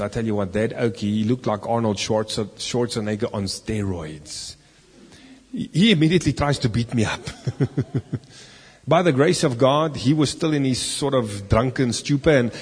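Husky-voiced man preaching in a hall. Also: medium pitch. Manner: animated storytelling, rises loud for punchlines. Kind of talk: sermon storytelling. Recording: long reverb in a hall.

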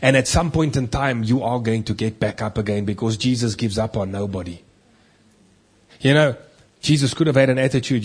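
A male pastor preaching a sermon, emphatic, swinging between loud declarations and hushed, low lines. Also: normal speed, slightly rough.

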